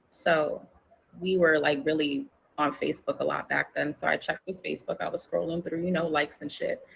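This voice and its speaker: A woman's voice: low voice, steady tone, brisk, gravelly, slightly rough, low-quality recording. A woman from New York, guest in an interview, telling a personal story candidly, swearing freely and acting out quotes in a raised voice.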